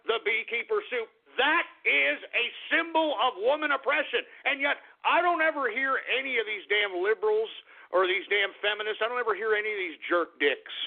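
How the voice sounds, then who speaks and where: A man's voice: sits high, creaky. A man hosting a talk radio show, ranting bluntly and swearing often. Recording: tinny phone-line radio audio.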